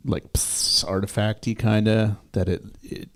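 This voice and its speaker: A man co-hosting a music-review stream, talking casually about audio mixing and pausing often to find the right term. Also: on the low side, little pitch movement. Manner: hesitant, lots of fillers while searching for terms. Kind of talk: casual live-stream chat.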